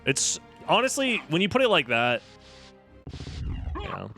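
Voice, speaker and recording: A young man live-streaming a game, talking casually and snarkily to chat with a bright, forceful edge to his voice. Faint game music sits underneath him. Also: high voice, huge pitch swings, measured pace, vocal fry. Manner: snarky, sarcastic, swearing freely.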